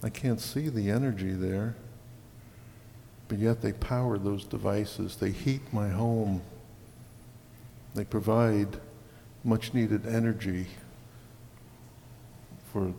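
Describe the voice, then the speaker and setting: Male pastor, unhurried sermon delivery, long church reverb, faint hum behind. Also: on the low side, steady tone, creaky, warm tone. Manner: slow and deliberate, stirring bursts on key words.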